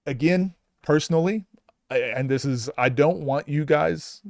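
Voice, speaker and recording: A man's voice: on the high side, unhurried, gravelly, a little mellow, no echo, clean studio sound. A man coaching basketball, giving blunt, exasperated live commentary and restarting his sentences often.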